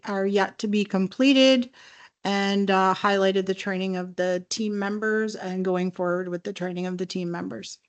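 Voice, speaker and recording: Woman councillor, hesitant summary. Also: mid-range voice. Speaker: councillor giving committee update. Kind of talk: council meeting report. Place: council chamber.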